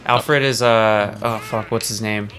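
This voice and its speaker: A young man co-hosting a let's play, chatting in a relaxed way, hedging his points and swearing casually. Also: fairly low pitch, unhurried, background noise. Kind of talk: casual gaming chat.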